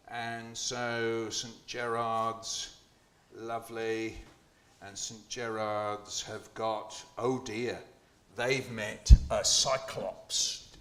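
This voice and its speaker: A man hosting a school poetry launch, playful and jokey, quizzing the children and performing for them in a hall. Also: on the low side. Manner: playful, jokey, animated, asks the children questions. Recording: echoey hall.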